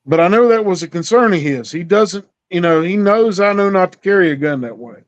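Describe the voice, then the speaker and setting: A man's voice: high voice, lively intonation, fairly quick. A middle-aged man telling a story in a folksy, drawling way, acting out the dialogue. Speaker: storyteller guest. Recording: dull lo-fi recording.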